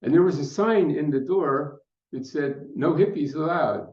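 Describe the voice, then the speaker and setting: An older man speaking at a conference, telling a personal story in an unhurried, reflective way with fillers. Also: fairly high pitch, darkish tone. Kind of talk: storytelling talk. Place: conference hall. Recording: muffled roomy hall recording.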